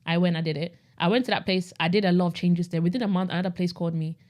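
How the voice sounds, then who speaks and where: A woman's voice: lowish voice, fairly even intonation, darkish tone. A young adult woman telling her personal faith testimony in a casual, conversational way, full of "like" and repeated phrases. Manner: rapid, conversational, with frequent "like" and repetition. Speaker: podcast host sharing her testimony.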